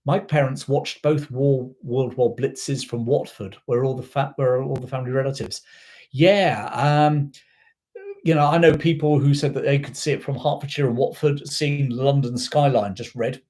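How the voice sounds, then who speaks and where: A man's voice: mid-range voice, fairly even intonation, normal speed, darkish tone. Rambling chatty male history host. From South Africa. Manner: rambling, digressive, chatty storyteller with fillers. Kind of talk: casual live-stream chat.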